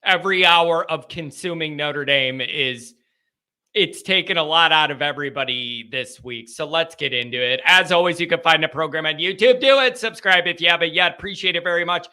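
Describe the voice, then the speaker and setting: A man's voice: on the high side, normal speed, pushed and bright, clear, resonant tone. A man hosting a casual fan call-in stream, chatty and rambling, sounding worn out and exasperated. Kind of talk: casual fan talk show.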